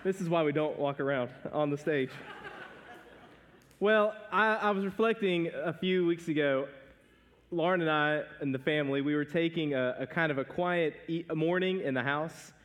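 A male pastor in his thirties delivers a sermon from a church stage. His voice sits a bit higher than most men's, and he speaks in a conversational way, telling family stories with a laugh. The long reverb of the hall trails after each phrase. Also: moderate pace, a bit bright.

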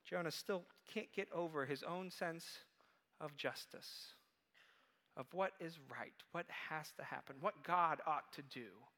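A man preaching a sermon, telling a story in a lively way and acting out the quoted voices. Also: a little high, takes it slowly, in a large hall. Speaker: pastor.

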